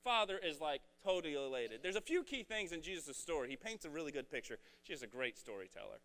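A young male preacher in a casual, joking sermon. His voice sits high and swings widely in pitch. His delivery is animated and slangy. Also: fast.

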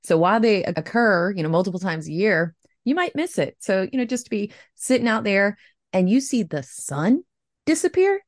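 A woman's voice: mid-range voice, moderate pace, no room sound, studio quality. A woman co-hosting a podcast, chatting casually, laughing easily and swearing now and then. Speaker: podcast co-host.

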